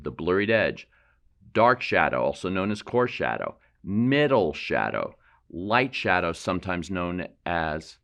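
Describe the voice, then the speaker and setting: A man teaching a painting demonstration, explaining terms in a relaxed way and thinking aloud as he works. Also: low voice. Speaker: painting instructor.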